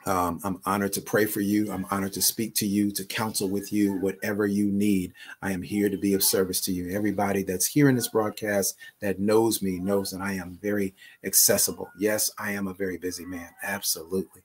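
A man's voice: deep voice, little pitch movement, fairly quick, hardly any pauses, breathy edge. A middle-aged man, a bishop and online pastor, speaking in an emphatic, conversational way on a live prayer broadcast and repeating his phrases.

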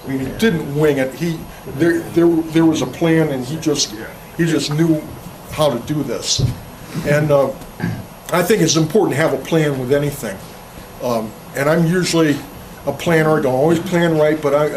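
A chainsaw carving instructor gives a casual, folksy workshop talk to an audience, his mid-range voice rambling a little as he tells jokes and restarts words. The mic is distant, with faint room ambience and slight background noise.

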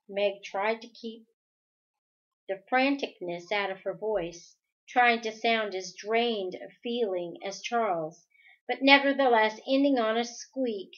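Slow, careful woman reading a novel aloud. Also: on the high side, highs cut off. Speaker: audiobook reader.

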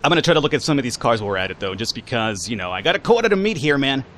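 A man giving casual, animated commentary while playing a video game and reading its lines aloud. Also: mid-range voice, racing, slight background noise. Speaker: let's play gamer.

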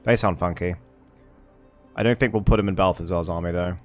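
Low-voiced man muttering through a strategy game. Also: fairly even intonation, brisk, faint music behind. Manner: thinks aloud, swears, mutters to himself. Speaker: gameplay streamer. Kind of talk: casual let's-play commentary.

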